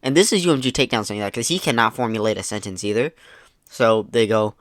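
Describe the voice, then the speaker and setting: A man's voice: lowish voice, fast talker, dry recording, studio quality. A man giving laid-back, sarcastic commentary as he reads out online messages, swearing casually and mocking what he reads. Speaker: YouTube commentator.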